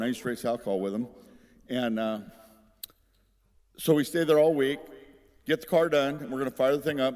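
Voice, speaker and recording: A middle-aged man tells rambling, folksy stories in an acceptance speech and chuckles at his own jokes. His voice is mid-pitched and carries a long reverb from a large hall. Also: darkish tone. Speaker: hall of fame inductee giving a speech.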